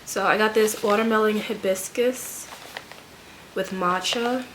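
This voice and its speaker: Casting: woman, mid-pitch, stuffy and nasal from a cold, loose rambling haul-vlog delivery, noticeable background hiss. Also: a little slow. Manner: rambling, filler-heavy, laid-back. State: stuffy nose. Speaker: vlogger, full-time nurse. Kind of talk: casual haul chat.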